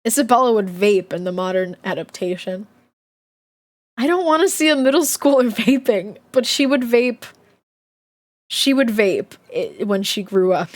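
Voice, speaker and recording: Brief: high-voiced, very animated female streamer reading a kids' book to chat. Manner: expressive, chatty, laughing asides. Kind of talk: livestream read-along with chat asides.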